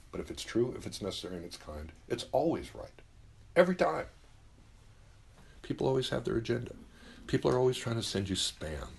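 There's slight background noise as a middle-aged man with a low-sitting voice hosts a talk show. He gives emphatic, blunt advice in a casual monologue, cursing freely and performing the voices of people he quotes.

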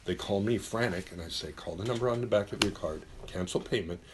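A man's voice: lowish voice, brisk, background noise. A middle-aged man hosting a talk show, giving blunt, emphatic advice with plenty of swearing and acted-out quotes. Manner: acts out quoted voices. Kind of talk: casual advice monologue.

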